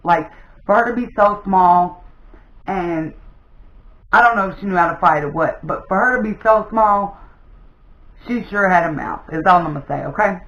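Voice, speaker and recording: Animated woman telling a story, roomy sound. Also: fairly low pitch, normal speed, pauses often, dull audio. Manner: animated, addresses viewers as "y'all". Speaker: storytime vlogger. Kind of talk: casual storytelling.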